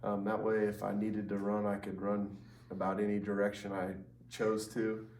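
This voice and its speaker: A low-voiced man casually tells a spooky tale, rambling with ums and restarts and chuckling at himself. He sits back from the mic in a roomy, echoing space with a faint hiss behind him. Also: completely flat delivery, normal speed, darkish tone, far from the mic. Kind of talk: casual storytelling.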